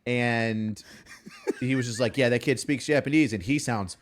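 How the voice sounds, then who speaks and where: A former drill sergeant telling army stories in an animated way, acting out the orders he barked. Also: medium pitch, normal speed. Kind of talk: animated storytelling on a stream.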